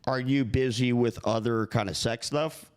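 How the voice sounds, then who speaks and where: A man's voice: mid-range voice, fairly even intonation, normal speed, clean tone. A man making a prank call, earnest and rambling, keeping a straight face. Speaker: prank caller.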